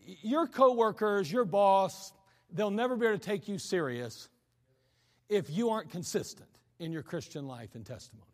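A man's voice: sits high, expressive, normal speed, big-room sound. A man preaching a sermon in a conversational way, acting out the voices of people he quotes. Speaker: pastor.

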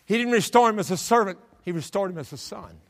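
A man's voice: high voice, expressive, quick pace, fairly bright tone. A male pastor preaching a fervent sermon in a church, calling on the congregation to answer back. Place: church sanctuary. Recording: echoey church sanctuary.

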